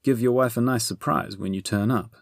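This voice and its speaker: A man's voice: medium pitch, fairly quick, creaky, dry recording, studio quality, pitched above the performer's own voice. A man voicing a cheeky, chatty young hero with a scheming streak in a storybook reading. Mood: breezy. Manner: chatty, upbeat.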